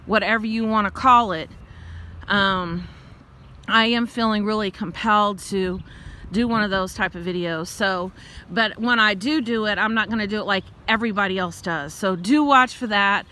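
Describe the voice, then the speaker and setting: A middle-aged woman, talking casually while walking outdoors, out of breath, chatty and quick to laugh. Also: mid-range voice, pushed and bright. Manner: chatty, laughs often, rambles into rants. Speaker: vlogger and tarot reader.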